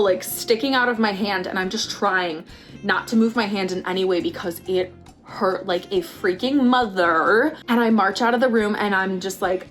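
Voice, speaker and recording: A young pregnant woman vlogs, casually telling a story and acting out quoted lines with big leaps in pitch.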